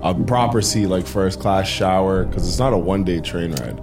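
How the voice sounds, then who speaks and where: A man co-hosting a podcast, teasing his friends in casual, animated chat. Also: deep voice, moderate pace, over music. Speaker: podcast co-host.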